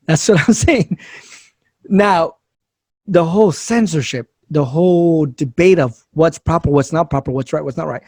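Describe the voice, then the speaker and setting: Guy on a political podcast, slightly high voice, argues his point and laughs between them. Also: normal speed, a little mellow, no echo, studio quality. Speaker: podcast co-host. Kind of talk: casual political talk.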